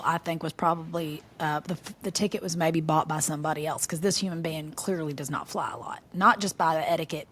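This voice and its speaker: A middle-aged woman, co-hosting a casual podcast chat, telling animated stories and laughing often. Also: fairly low pitch. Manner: animated storyteller, laughs often, folksy southern phrasing. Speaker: podcast co-host.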